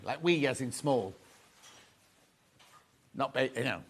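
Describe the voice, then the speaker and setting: A man's voice: medium pitch, animated, slow, pauses often, husky. A man presenting a live shopping show, chatty and gushing, repeating his phrases as he shows off fabrics. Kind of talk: live sales chat.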